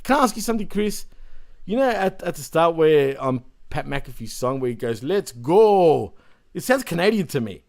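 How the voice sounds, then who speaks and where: A man with a slightly higher voice chats casually on a wrestling podcast, recapping what happened and laughing often. His sentences run on loosely from one moment to the next. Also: very animated, fairly quick, vocal fry. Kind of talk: casual chat.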